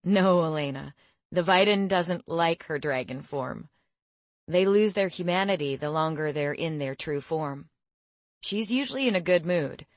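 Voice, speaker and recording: A woman's voice: low-pitched, unhurried, dry recording. A woman voicing a jovial, easygoing teen boy. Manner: relaxed, teasing.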